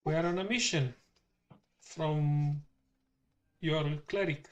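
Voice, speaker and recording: A man's voice: a little high, slow, soft background music. A man playing a tabletop game, eager and polite as his character. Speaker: player.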